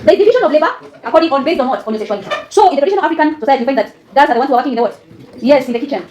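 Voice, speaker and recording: Fast-talking woman teaching a class. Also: sits high, lively intonation, a little mellow. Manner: quizzing class with fill-in questions; laughing often. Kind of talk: classroom lesson. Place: classroom with students. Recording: echoey classroom with student chatter.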